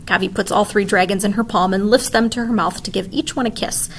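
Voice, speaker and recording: Female teacher, storybook read-aloud; expressive, clear, soft background noise. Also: medium pitch, a little fast. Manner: expressive, animated reading. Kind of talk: reading a children's book aloud.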